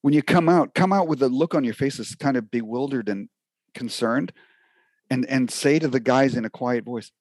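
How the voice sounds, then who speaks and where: A man who acts, co-hosting a podcast, telling a story in a lively, joking way. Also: medium pitch, normal speed, dry recording. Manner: animated storyteller, laughs often. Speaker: podcast co-host, actor. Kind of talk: casual chat.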